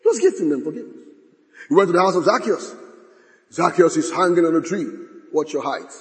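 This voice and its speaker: Animated, high-pitched man preaching in a hall. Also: fairly quick. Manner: dramatic, swings from shouting to hushed, acts out quotes. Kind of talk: sermon.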